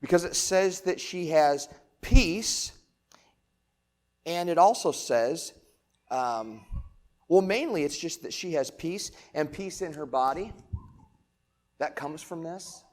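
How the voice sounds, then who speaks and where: A man preaching a sermon in a casual, conversational way, asking rhetorical questions and swinging between loud emphatic lines and quiet ones. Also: fairly high pitch, expressive, takes it slowly, long pauses. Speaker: pastor.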